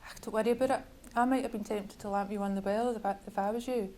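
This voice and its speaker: A woman's voice: medium pitch, steady tone, fast, darkish tone, natural voice. A woman voicing a wry, forgiving young woman who speaks in a down-to-earth Glasgow accent. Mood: easygoing. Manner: down-to-earth, plain-spoken.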